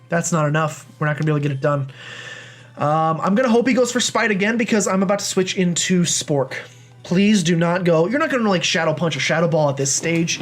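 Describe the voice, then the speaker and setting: Young guy rambling through a game playthrough, high voice, jokey and self-deprecating. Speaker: let's play host. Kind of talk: game commentary.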